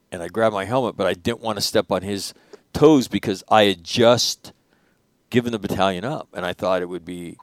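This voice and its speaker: A middle-aged man with a very low, smooth and resonant voice tells a story from his time as a Marine commander. He swears freely, stumbles into restarts and climbs in pitch when anger takes over. The sound is close and dry. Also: no room sound. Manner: profane, halting restarts, voice rising when angry. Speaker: host, former Marine battalion commander. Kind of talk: candid storytelling in a panel conversation.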